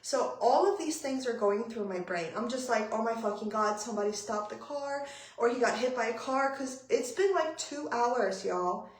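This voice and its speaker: A young woman with a fairly high voice tells a story to her live-stream viewers, swearing often and rushing breathlessly through it. Her voice rings in a roomy, echoing space. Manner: animated, profane, breathless retelling. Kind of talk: casual storytelling. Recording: roomy echo.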